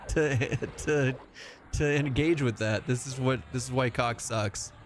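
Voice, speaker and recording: A male game streamer talking casually over his gameplay, rambling from thought to thought and cursing freely. He chats straight to his viewers, with a voice of middling pitch. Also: takes it slowly, slight background noise. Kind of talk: casual live-stream chat while playing.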